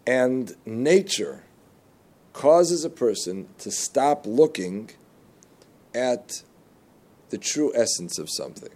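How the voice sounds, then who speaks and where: A man giving a religious lesson, telling jokes and stories, with animated jumps in pitch on key words. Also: slow pace, pauses often. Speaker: Torah teacher.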